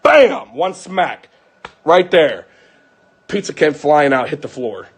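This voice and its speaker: A young man venting to his viewers in an angry, profane, unscripted rant that comes in rapid bursts. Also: on the high side, animated, slightly rough.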